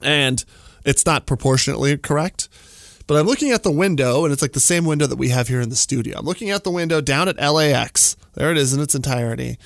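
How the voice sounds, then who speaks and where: A man's voice: a little high, expressive, quick pace, vocal fry, no room sound. A man, telling a story casually in a studio, with lots of fillers and laughter. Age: 40s.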